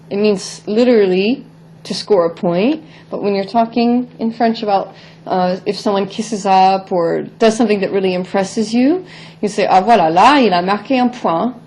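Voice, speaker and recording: A woman's voice: medium pitch, mellow, slight background noise. A woman teaching French in English, explaining grammar step by step and modelling French words before glossing them. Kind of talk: recorded vocabulary lesson.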